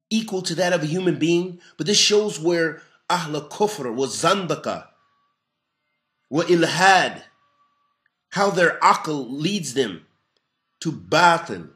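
A man's voice: on the high side, a bit bright, roomy sound. A man teaching a religious lesson, reading a text and explaining it in an earnest, emphatic way. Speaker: Islamic lecturer.

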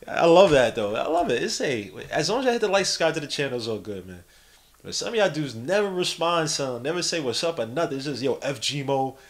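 A man's voice: on the high side, quick pace. Slangy New man calling a game. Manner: animated, slangy, jokes and reads chat aloud. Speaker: podcast host giving live play-by-play. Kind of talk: casual live-stream commentary.

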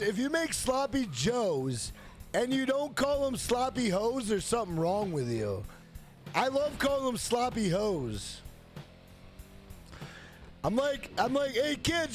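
A man's voice: very high-pitched, very animated, unhurried, faint music behind. Brash, foul-mouthed streamer man. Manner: brash, profane, shouts greetings to chat. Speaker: gaming livestreamer. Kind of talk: casual livestream chat.

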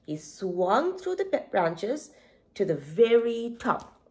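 Woman teacher reading aloud to preschoolers; slow, animated, asks the children questions. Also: mid-range voice. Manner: expressive, asks young listeners questions.

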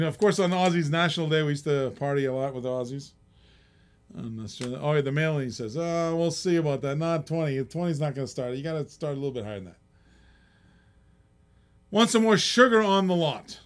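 A middle-aged man with a slightly high voice hosts a casual live-stream auction. He rambles loosely, chuckles often and reads out the bids as they come in.

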